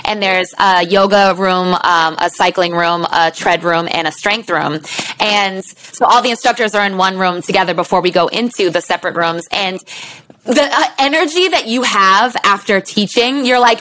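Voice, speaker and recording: Woman, 30s, fitness instructor, podcast guest, bright forceful tone, upbeat, enthusiastic. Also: medium pitch, low-quality recording. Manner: upbeat, enthusiastic, quick laughs. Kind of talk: casual chat.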